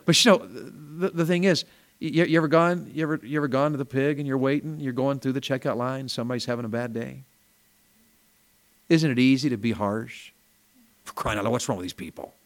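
A man preaching a revival sermon in a small church, folksy and storytelling, rising to loud emphatic peaks. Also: mid-range voice, steady tone, a little fast.

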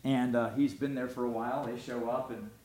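A man preaching a sermon as a pastor, telling a story in an animated, conversational way. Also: mid-range voice, a little fast. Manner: animated, conversational, often restarts.

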